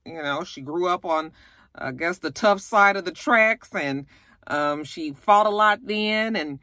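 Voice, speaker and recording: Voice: medium pitch, unhurried, bright, forceful tone, no echo, studio quality. A YouTube host giving a casual, profane recap of a reality show, talking candidly to viewers. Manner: candid, blunt and profane, chatty asides to viewers.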